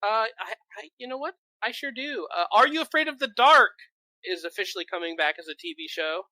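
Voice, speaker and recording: A man's voice: sits high, expressive, fairly quick, pushed and bright, dry recording, low-quality recording. A man co-hosting a podcast, chatting casually with lots of filler words and swearing. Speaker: podcast co-host. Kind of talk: casual chat.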